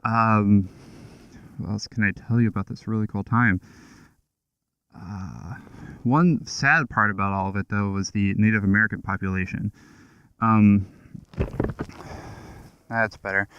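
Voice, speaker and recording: A man's voice: fairly low pitch, steady tone, unhurried, long pauses, clear, resonant tone, lo-fi sound. Chatty man talking from a motorcycle. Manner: chatty, loose, offhand with fillers and asides. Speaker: motovlogger. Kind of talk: casual history talk while riding. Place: on a motorcycle outdoors.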